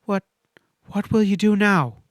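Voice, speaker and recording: A man's voice: high voice, very animated, normal speed, a bit bright, no echo, clean studio sound, voice pushed up. A man reading a western audiobook, voicing an earnest, desperate young frontier woman in a pleading, breathless way. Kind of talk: audiobook character voice.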